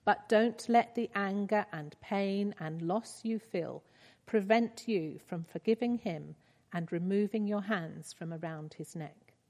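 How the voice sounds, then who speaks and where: A woman reading the lines of a gentle, fatherly God figure in a tender, reassuring way. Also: medium pitch, a little slow, lightly acted. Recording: reverberant hall.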